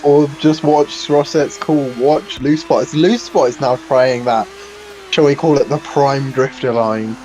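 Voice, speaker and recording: A man's voice: medium pitch, fairly even intonation, unhurried, a little mellow, slight background noise, poor audio. A man co-commentating a sim race in a casual, teasing way, with some hesitant restarts.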